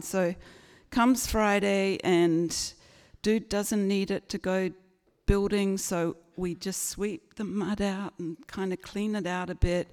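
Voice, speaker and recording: A woman telling a humorous personal story, animated and acting out the people in it. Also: mid-range voice, takes it slowly, smooth. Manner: lively, animated, acts out the people in her story. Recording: long reverberant hall.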